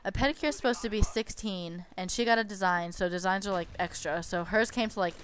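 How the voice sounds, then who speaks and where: A woman's voice: medium pitch, brisk, slight background noise. A young woman casually telling a story over game footage, chatty and exasperated, with lots of "like".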